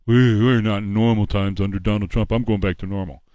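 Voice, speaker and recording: Man doing a low, mumbling old politician, halting, rambling. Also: fairly even intonation, dark tone, no room sound, lightly acted. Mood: mocking.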